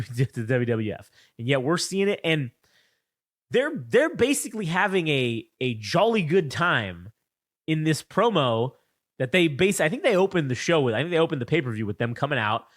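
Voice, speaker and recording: A man co-hosting a wrestling podcast, retelling a feud in excited, profane, rambling chat on a close mic. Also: medium pitch, no room sound. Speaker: podcast co-host. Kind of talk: casual chat, wrestling recap.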